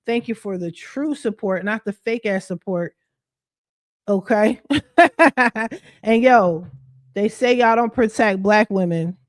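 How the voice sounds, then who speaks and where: On a livestream, a credit repair coach with a medium, darkish voice takes her time while venting. She talks straight to her viewers, blunt, slangy, and profane, clearly fired up.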